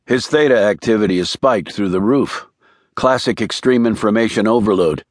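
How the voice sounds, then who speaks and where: A man's voice: lowish voice, no echo, studio quality, lightly acted. A man voicing a nervous, earnest young male analyst around thirty in an audiobook thriller. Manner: quick, earnest explaining. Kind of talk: audiobook character voice.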